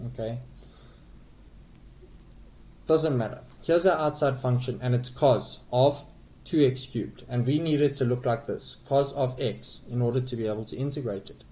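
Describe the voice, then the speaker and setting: A man's voice: mid-range voice, moderate pace, warm tone, rough recording. A man tutoring calculus, explaining step by step in a patient way with frequent okays and small self-corrections. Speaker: math tutor.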